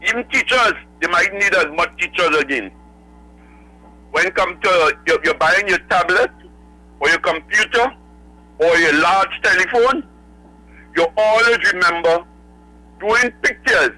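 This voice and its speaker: A man's voice: high voice, pushed and bright, poor audio. A man calling in to a radio show, rambling through numbered points. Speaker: caller. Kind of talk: phone-in call.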